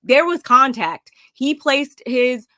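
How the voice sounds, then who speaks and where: A woman's voice: sits high, slow pace. A woman casually recapping a reality TV episode, acting out the cast's lines as she goes. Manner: animated, acts out quotes. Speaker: recap show co-host.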